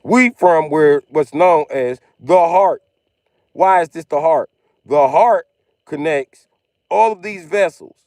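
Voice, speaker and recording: A man's voice: fairly high pitch, slow, a little mellow, no room sound. A man livestreaming, ranting emphatically over a video with profane, repetitive commentary. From Missouri. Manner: profane, emphatic, repeats himself.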